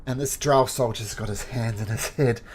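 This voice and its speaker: A man narrating a tabletop game as game master, halting with fillers. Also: mid-range voice, a little hiss or hum. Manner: halting, with many fillers and restarts.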